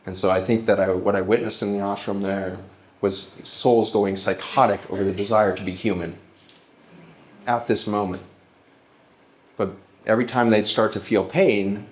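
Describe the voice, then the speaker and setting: A middle-aged man speaking to a live audience at a festival, telling stories and slowing down to act out heartfelt pleas. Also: on the low side. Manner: storytelling, slows and lifts his voice to act out pleas.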